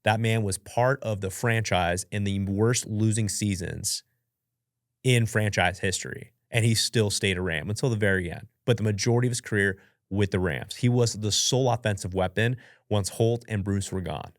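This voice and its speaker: A man's voice: fairly low pitch, no room sound. A young man hosting a podcast, telling stories and answering questions in a chatty, self-mocking way, acting out his own reactions. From United States. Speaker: podcast host. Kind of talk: casual storytelling and Q&A. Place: professional studio. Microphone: studio mic. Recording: dry.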